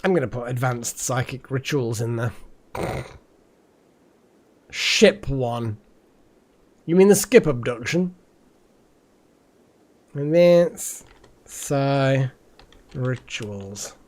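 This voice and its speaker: A man's voice: mid-range voice, slow pace, pauses often. A tired man chatting casually and rambling while commenting on a game he is playing. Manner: rambling, chatty, repeats words. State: tired, yawning. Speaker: streamer.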